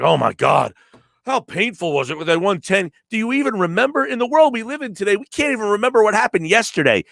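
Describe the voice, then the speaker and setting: A man's voice: high-pitched, a bit bright, no echo, clean studio sound. A man hosting sports talk radio, ranting emphatically and sarcastically and mocking callers' complaints. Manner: emphatic, sarcastic, rants with mock quotes. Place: radio studio. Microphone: studio microphone.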